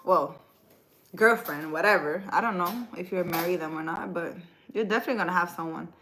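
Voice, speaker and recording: A woman's voice: fairly low pitch, brisk, a bit bright, a little hiss or hum, poor audio. A woman hosting a casual livestream, reading viewer comments aloud, teasing her viewers and then giving earnest spiritual advice.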